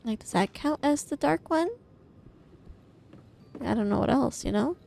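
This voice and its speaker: A woman's voice: high-pitched, lively intonation, measured pace, gravelly, darkish tone, slight background noise. Chatty Midwestern woman streaming a game. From American Midwest. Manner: chatty and rambling, swears freely, laughs often. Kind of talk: casual live-stream chat while gaming. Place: home, indoors.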